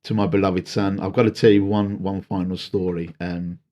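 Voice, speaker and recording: Man, lowish voice, animated storyteller, halting fillers. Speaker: podcast guest, wedding DJ. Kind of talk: casual chat, storytelling.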